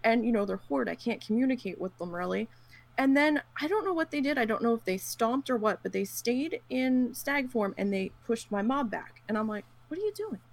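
A woman on a casual gaming chat, her voice carrying a gravelly, fried edge. She tells stories with lively put-on quotes, and her talk is full of ums and easy fillers. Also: fairly high pitch, moderate pace. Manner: animated storyteller who acts out quotes; frequent fillers and laughs.

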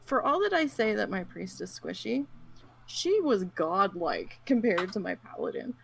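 A woman chatting casually about gaming, telling her stories with animated quotes and a lot of fillers. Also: mid-range voice, moderate pace, gravelly, slightly rough. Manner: animated storyteller who acts out quotes; frequent fillers and laughs.

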